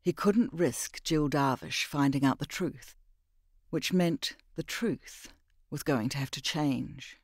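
A man narrating an audiobook in a measured, even storytelling voice on a close mic. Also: fairly high pitch, no room sound. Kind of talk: scripted narration.

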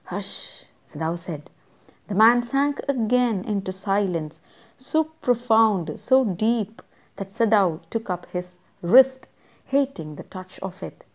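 A woman teacher with an Indian English accent, reading a story aloud slowly and stopping to explain words and tell students what to underline. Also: mid-range voice, lively intonation, highs cut off.

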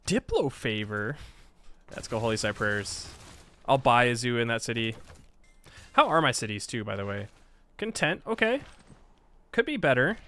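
A man narrating his strategy game in a loose, chatty way, poking fun at himself and snapping back at the computer players. His pitch swings up and down a lot, so he sounds lively and animated. His voice sits at an ordinary middle height for a man. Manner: chatty, self-mocking, talks back at the game. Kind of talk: casual Let's Play commentary.

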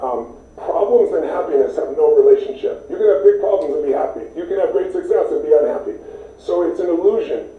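A man's voice: a little high, expressive, fairly quick. Enthusiastic man on a tinny distant line. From United States. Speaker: interview guest. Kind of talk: animated storytelling. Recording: tinny, echoey, distant sound.

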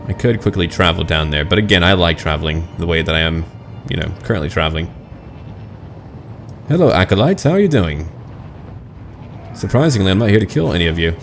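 A man's voice: low voice, expressive, a little fast, long pauses, faint music behind. A man casually commenting on his online role-playing game, chatty and self-mocking about getting lost. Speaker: gaming channel host.

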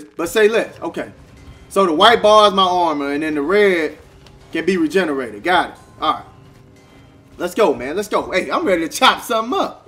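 A young man giving excitable, casual commentary while playing a video game and talking back to the characters. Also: on the high side. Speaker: gaming streamer. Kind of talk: casual let's-play commentary.

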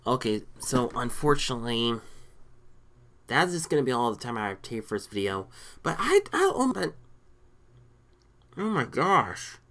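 A man giving casual, excitable commentary while playing a video game, often stammering and reading lines aloud. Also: mid-range voice, normal speed, pauses often. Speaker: let's play gamer.

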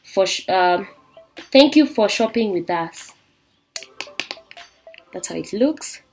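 A young woman from Kenya excitedly unboxing a beauty subscription box in a vlog, gushing and exclaiming as she goes. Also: mid-range voice, takes it slowly. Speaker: beauty vlogger. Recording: faint background music.

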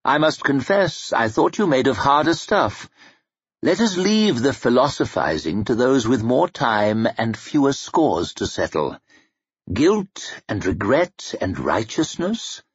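A man voicing an arrogant, ruthless old male wizard who speaks in a haughty, measured, menacing way. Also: medium pitch, very animated, husky, no echo, heavily acted. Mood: mocking. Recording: dry muffled recording.

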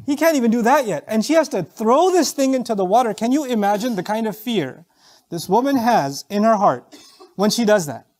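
A man's voice: high-pitched, animated, normal speed, a little mellow. A man preaching a sermon, telling a story with feeling, acting out the voices of its people and reciting verses in Arabic.

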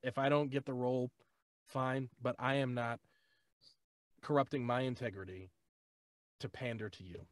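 A voice actor on a casual panel speaks firmly and sticks to his principles. His voice is mid-pitched and sounds dry and close. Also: fairly even intonation, normal speed, pauses often, no echo. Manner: firm and principled.

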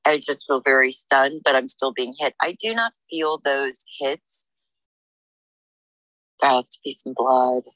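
A woman working as a psychic medium, giving a reading in a halting, searching way with many fillers and restarts. She speaks in the first person as the people she senses. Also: extremely low pitch, a bit bright, dry recording, rough recording. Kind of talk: intuitive reading monologue.

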